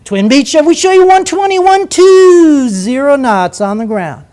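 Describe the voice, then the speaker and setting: Man putting on a smooth, sing-song radio controller, pitched up, slow and measured. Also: lively intonation, a little mellow. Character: calm male air traffic controller, sing-song radio voice.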